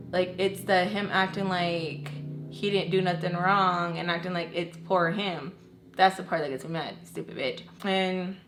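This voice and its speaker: A woman's voice: mid-range voice, a bit bright. Young woman doing a storytime vlog, fired up, cussing a lot, acts out everyone's lines. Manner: heated, swearing, acts out quoted voices. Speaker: storytime vlogger. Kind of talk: casual storytelling.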